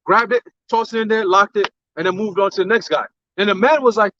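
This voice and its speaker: Male co-host, high pitched, animated storyteller, dry lo-fi recording. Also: fairly quick, slight background noise. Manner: animated storytelling with acted quotes. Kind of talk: casual religious talk chat. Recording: dull lo-fi sound.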